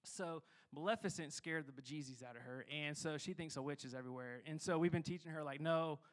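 A man's voice: on the high side, fairly quick. A young man giving a sermon as a pastor, talking casually and rambling with lots of fillers.

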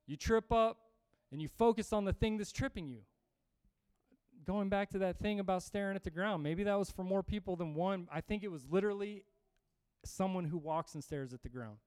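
A man preaching a sermon to a congregation, energetic and emphatic, reading scripture and often repeating himself. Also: high voice, moderate pace, pauses often, clear, resonant tone, no echo. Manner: energetic, emphatic, with restarts and humor.

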